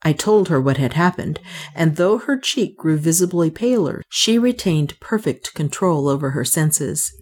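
Low-voiced woman narrating a story. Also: animated, a little slow, a little mellow. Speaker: audiobook narrator. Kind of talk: scripted narration.

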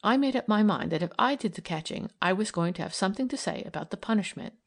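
A woman's voice: mid-range voice, fast. Woman voicing an earnest idealistic young woman. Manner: eager, persuasive, animated.

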